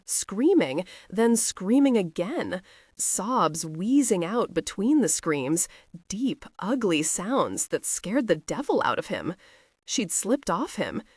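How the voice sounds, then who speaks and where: A woman narrates a romance audiobook in a close, dry voice with no echo. Her pitch rises and falls with lively expression, giving the story an intimate, expressive warmth.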